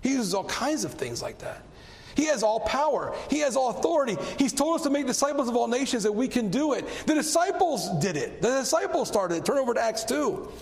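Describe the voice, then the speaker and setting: A man preaching in a church with a fairly high, gravelly voice. He tells his story with animated energy, his voice climbing when excited. The sound rings with a long hall reverb. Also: brisk. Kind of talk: sermon with storytelling.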